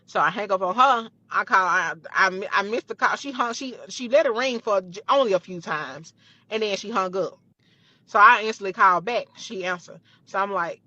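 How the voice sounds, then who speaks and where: A woman telling a personal story in a casual, animated and blunt way, with plenty of swearing. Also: mid-range voice, moderate pace, no echo. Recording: dull, dry lo-fi clip.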